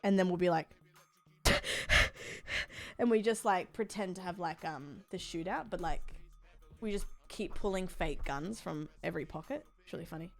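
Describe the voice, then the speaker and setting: A woman's voice: on the low side, a little fast, creaky, darkish tone, soft background music. A woman streamer chatting casually while she plays, rambling and frank, swearing freely with lots of fillers. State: sore body.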